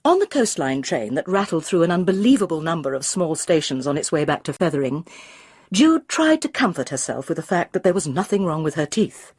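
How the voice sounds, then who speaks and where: A woman narrates an audiobook in a measured, expressive way. Her voice is husky and fairly low, with a wide, lively pitch range, recorded dry and close. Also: no room sound. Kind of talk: scripted narration.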